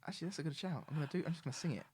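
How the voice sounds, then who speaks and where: A man hosting a casual radio show. He chats loosely, laughs often, and fills his pauses with ums. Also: a little high, a little mellow, breathy edge, no echo. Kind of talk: casual chat on student radio.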